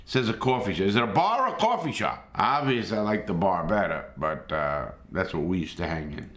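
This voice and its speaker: A man's voice: deep voice, big pitch swings, fairly quick, fairly bright tone, a little hiss or hum. A middle-aged man giving blunt, streetwise casual commentary as a host, swearing freely. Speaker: host reacting to gameplay.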